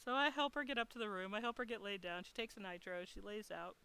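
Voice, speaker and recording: Bright, crisp woman telling a story. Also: mid-range voice, quick pace, dry recording. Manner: animated, swears, laughs while telling. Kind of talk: casual storytelling.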